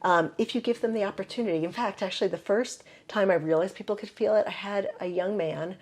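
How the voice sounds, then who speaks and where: A woman's voice: medium pitch, fast talker, darkish tone. An older woman herbalist with a Midwestern American accent telling stories casually in an interview, full of "you know" fillers. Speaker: herbalist guest.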